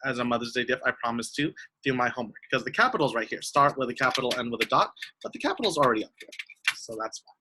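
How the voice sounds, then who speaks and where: Young male kids' teacher, sweet and sing-song, bright and very animated. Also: medium pitch, husky, low-quality recording. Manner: sing-song, speaks slowly and sweetly to small kids. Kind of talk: online lesson for young children.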